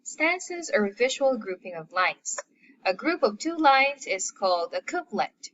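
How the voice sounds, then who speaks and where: Slow, deliberate woman teacher. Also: a little high, very animated, a bit bright, a little hiss or hum. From Philippines. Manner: slow, deliberate, stresses each listed term. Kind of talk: recorded classroom lecture. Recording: slightly muffled lo-fi audio.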